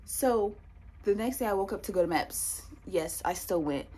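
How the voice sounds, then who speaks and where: Young woman, husky voice, animated storytime vlogger who repeats herself for emphasis. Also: medium pitch, moderate pace. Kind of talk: storytime vlog.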